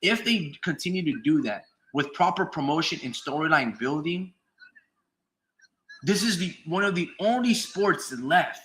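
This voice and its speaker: A man's voice: fairly high pitch, bright, forceful tone, a little hiss or hum, low-quality recording. A man giving a casual, emphatic boxing monologue, swearing freely and repeating his points. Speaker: boxing commentator streamer. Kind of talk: casual profane opinion monologue.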